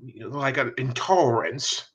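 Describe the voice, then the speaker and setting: A man's voice: medium pitch, moderate pace, a bit bright, breathy edge. A man improv performer on a video call, giving advice in a hesitant way with many fillers. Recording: dull lo-fi video call audio.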